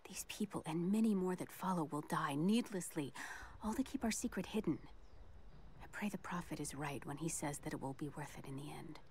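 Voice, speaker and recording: An actress voicing a weary woman healer who writes a secret journal in a hushed, breathy, solemn whispered role-play. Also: low voice, a little fast, slight background noise, natural voice. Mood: sorrowful.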